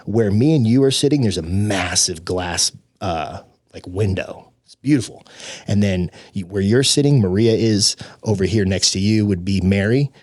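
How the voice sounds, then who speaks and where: A man telling a personal story as a podcast guest in an earnest, animated, casual way. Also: on the low side, moderate pace, dry recording, studio quality. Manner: earnest, animated storyteller who says "dude".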